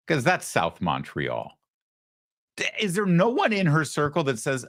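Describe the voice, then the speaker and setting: A man's voice: a little high, wildly swooping pitch, unhurried, fairly bright tone, no room sound, studio quality. A man hosting a political talk show, sarcastic and mocking as he comments. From United States. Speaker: host.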